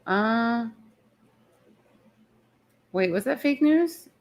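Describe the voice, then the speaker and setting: A woman's voice: fairly high pitch, animated, drawn-out words. A woman hosting a live chat show, talking casually, rambling and interrupting herself, and saying she is tired. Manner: chatty, rambling, self-interrupting. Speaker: show host. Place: in the city, not her usual spot.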